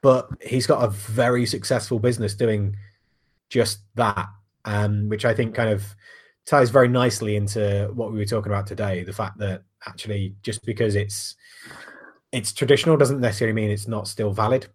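A man's voice: lowish voice, steady tone, normal speed, husky. Rambling podcast host, man. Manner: rambling, casual swearing. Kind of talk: casual chat.

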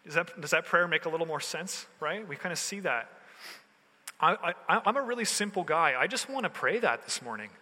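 A man preaching in a relaxed, chatty way, mixing slang into his sermon. His voice is fairly high and very bright and forceful. It rings out with a long hall reverb. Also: fairly quick. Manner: casual, conversational preaching with slang. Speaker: pastor.

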